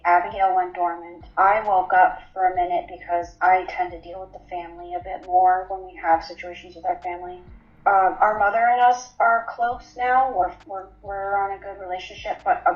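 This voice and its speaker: A woman in her twenties telling her personal story in an interview, candid and matter-of-fact, with frequent ums. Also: fairly low pitch. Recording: roomy, slightly dull recording.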